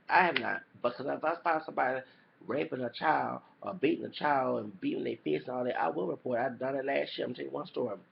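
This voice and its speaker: Male vlogger, heavy vocal fry, fired-up cussing commentary, muffled lo-fi sound. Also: mid-range voice, slight background noise. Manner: heated, cussing, repetitive, apologizes for swearing. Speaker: YouTuber. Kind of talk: reaction commentary rant. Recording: dull lo-fi recording.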